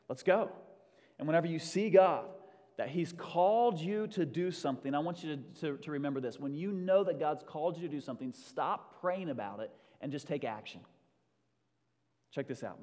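A man preaching in a church hall, his voice sitting a little high for a man. He swings between loud rallying bursts and hushed, intimate passages. Long reverb rings around him. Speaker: pastor. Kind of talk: sermon.

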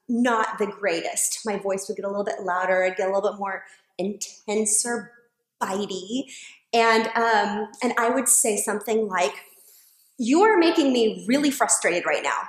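A woman co-hosting a faith-based conversation, earnest and emphatic, telling on herself. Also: on the high side. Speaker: co-host. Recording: echoey room.

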